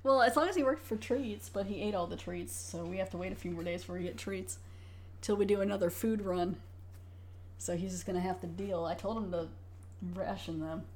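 A woman co-hosts a podcast and recaps a TV episode in a relaxed, chatty way. She rambles with filler words at a mid pitch. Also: fairly quick. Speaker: podcast co-host. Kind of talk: casual chat recapping a TV episode.

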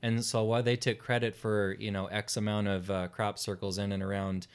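Podcast host, man, low voice, lively storyteller, casual banter. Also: brisk, smooth. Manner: chatty, animated storyteller with fillers. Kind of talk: casual chat.

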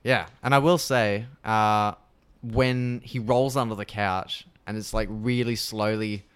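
A man's voice: lowish voice, fairly even intonation, measured pace, clear, resonant tone. A man co-hosting a podcast, casually retelling a horror film scene by scene and swearing freely. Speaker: podcast co-host.

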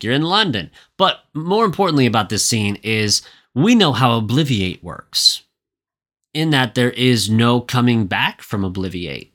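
A man's voice: medium pitch, pushed and bright. A man co-hosting a podcast, recapping a movie in casual chat, profane and ranting with lots of filler words. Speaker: podcast co-host.

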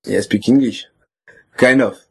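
A man's voice: medium pitch, normal speed, creaky, darkish tone, breathy edge, low-quality recording. A man from France with a French accent, chatting casually on a podcast, swearing and joking. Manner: swearing, joking, laughing often. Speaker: podcast co-host. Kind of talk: casual chat. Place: living in Germany.

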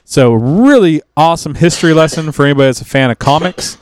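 A man's voice: a little high, fast talker, a little hiss or hum. A man co-hosting a podcast, chatting casually with friends and rambling loosely with lots of restarts. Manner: rambling, relaxed, with many restarts and trailing sentences. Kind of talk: casual chat.

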